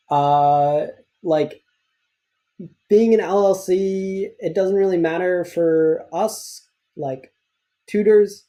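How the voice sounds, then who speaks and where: Chatty man with a mellow voice. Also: fairly high pitch. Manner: candid, chatty, self-deprecating asides. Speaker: tutoring business instructor. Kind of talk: casual recorded lecture over slides.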